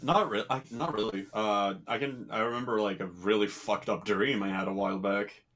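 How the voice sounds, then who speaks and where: A young man co-hosting a casual podcast, joking around, crude and quick to swear. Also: on the low side, a bit bright. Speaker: podcast co-host. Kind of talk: casual chat.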